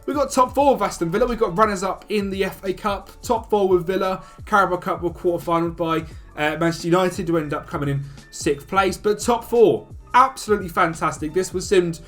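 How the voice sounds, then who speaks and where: A man's voice: sits high, a bit bright. A man hosting a video, giving casual, upbeat commentary as he runs through game stats. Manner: chatty, upbeat, talks fast through stats. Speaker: video host. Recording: faint music behind.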